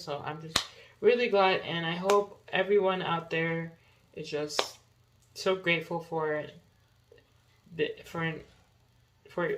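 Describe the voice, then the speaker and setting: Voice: medium pitch, fairly bright tone, poor audio. A young podcast host talking casually through notes, rambling with many fillers and self-corrections.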